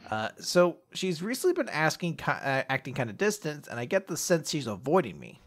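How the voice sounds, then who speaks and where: A man co-hosting a casual manga recap podcast, acting out the characters' lines in quick voices and swearing freely. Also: fairly high pitch, big pitch swings. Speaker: podcast co-host.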